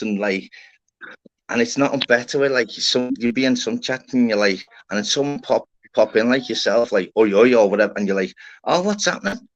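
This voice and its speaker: A man rambles casually on a live stream, swearing freely and tagging "innit" and "lad" onto his sentences. His voice sits at an ordinary pitch. The sound is muffled and lo-fi, like a dull stream feed. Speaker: livestream host. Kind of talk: casual chat. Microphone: live stream panel, online call.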